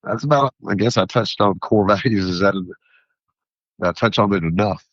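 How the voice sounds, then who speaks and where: A man who is a food entrepreneur, a guest on an interview show, talking in a rambling, philosophical and animated way. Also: on the low side, moderate pace, no room sound, muffled recording. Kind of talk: interview conversation.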